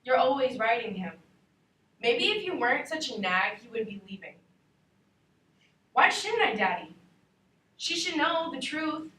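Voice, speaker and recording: Young woman doing a distraught teen girl, pleading and accusing, high bright voice, roomy classroom from far off. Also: big pitch swings, unhurried, long pauses, full character voice. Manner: pleading and accusing, rising to shouting. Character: distraught teenage girl whose parents are divorcing. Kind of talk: acted dramatic monologue.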